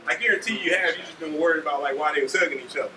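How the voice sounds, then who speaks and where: A bright-voiced man in his forties from Ohio gives an animated, story-filled talk to students, often asking "right?" His voice sits high for a man. It echoes around a large room and is picked up from a distance. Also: rapid-fire. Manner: animated, acts out scenes, keeps asking "right?". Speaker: army leader speaking to students. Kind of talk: motivational storytelling speech. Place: school auditorium. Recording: echoey hall from far off, faint noise.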